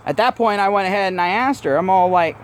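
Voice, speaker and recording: In a profane, blunt rant for his vlog audience, a man mockingly retells a story and curses constantly. His voice sits high, and he talks fast.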